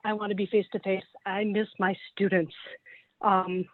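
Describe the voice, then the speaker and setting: A woman's voice: mid-range voice, little pitch movement, normal speed, no echo. A middle-aged woman, a special education teacher, giving an earnest, emotional public comment at a meeting, close to tears. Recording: tinny call-in line, dry.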